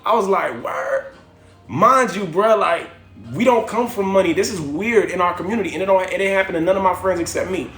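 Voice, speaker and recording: This livestream host's voice sits high and sounds a bit bright, moving fairly quickly with a roomy sound. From home, he gives a slangy, preachy motivational talk, leaning on repeated phrases for emphasis.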